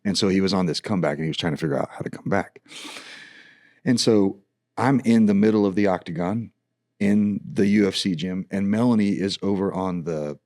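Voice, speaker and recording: Deep-voiced man telling a story. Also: brisk, no echo, clean studio sound. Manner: animated storyteller, acts out dialogue, frequent restarts. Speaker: worship leader guest. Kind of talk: casual storytelling conversation.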